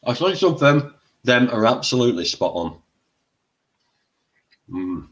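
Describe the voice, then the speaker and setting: A man's voice: medium pitch, big pitch swings, fast, fairly bright tone. An older man hosting a casual livestream, chatty and exclaiming, eating while he talks. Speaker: livestream host.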